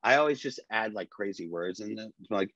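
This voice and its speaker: A man's voice: on the low side, fairly quick, no echo. A man co-hosting a podcast, telling stories in casual chat, swearing freely and quoting the people he talks about. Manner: animated storyteller, swears freely, quotes people. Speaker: podcast co-host. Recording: dull dry lo-fi sound.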